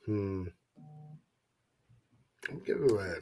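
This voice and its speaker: A man hosting a casual sports talk show, reading viewer comments in a relaxed, rambling way. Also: fairly low pitch, takes it slowly, vocal fry.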